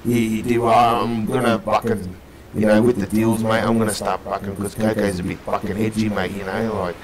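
A man's voice: fairly low pitch, flat delivery, brisk, echoey room, over a noisy crowd, low-quality recording. Rambling man swearing mid-roleplay. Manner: rambling, heavy swearing, calls everyone mate. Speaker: roleplay gang leader. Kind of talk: in-character roleplay chat.

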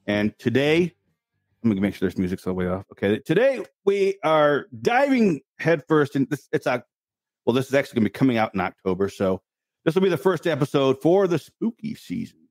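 A man's voice: medium pitch, fast, dry recording, soft background music. A man hosting his movie podcast, joking around with his guest in casual chat. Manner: goofy, joking, animated. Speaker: podcast host.

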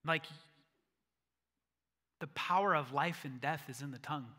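A man's voice: on the high side, unhurried, sharp tone. A male pastor preaching a sermon in an earnest way that rises to emphatic peaks. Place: church sanctuary. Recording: long church-hall reverb.

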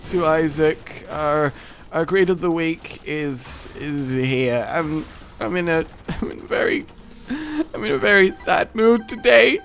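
A man's voice: high voice, a bit bright, pitched above the performer's own voice, exaggerated voice. A man putting on a melodramatic, self-pitying gaming commentator with a whiny voice. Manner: whiny, melodramatic sighing delivery.

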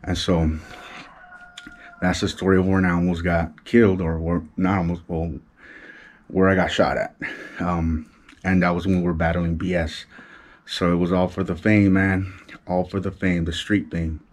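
Deep-voiced Chicano LA man telling street stories. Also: level tone, normal speed, long pauses. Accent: Chicano Los Angeles English. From Los Angeles. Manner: street slang, imitates gunshots with his mouth; keeps voice down so as not to wake his wife. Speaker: vlogger. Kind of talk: casual storytelling.

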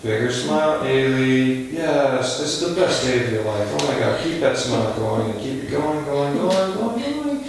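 Pushy casting director, rapid-fire directions, booming echo, distant from the mic, background hiss. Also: male voice. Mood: brisk. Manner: rapid-fire directions, swinging up loudly when excited. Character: pushy, overexcited male casting director, adult. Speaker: casting session runner. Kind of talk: scripted comedy sketch. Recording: echoey room, far from the mic, noisy.

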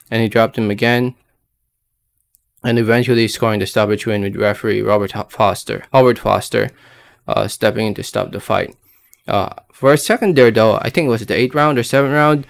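A man's voice: fairly low pitch, creaky, clean tone. A man giving casual boxing commentary, talking a little slurred and thick because half his face is numb after dental work, rambling with lots of fillers. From Filipino American. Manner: loose, rambling, many fillers. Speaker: boxing vlogger. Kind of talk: casual post-fight commentary.

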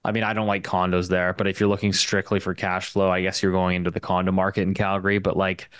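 A young man from Canada with a Canadian English accent, a guest talking casually in an interview, quick and full of fillers and restarts. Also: low-pitched, monotone, fairly bright tone, smooth, dry recording. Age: young adult. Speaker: guest market commentator.

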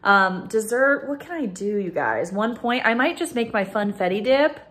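A woman's voice: on the high side, animated, moderate pace, a bit bright. A woman in her thirties chatting casually to her viewers in a food vlog, bubbly and talkative, recorded on her own camera in a car and then at home. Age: 30s. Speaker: food vlogger. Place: in a car at a drive-thru, then a home kitchen. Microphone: camera or phone recording herself.

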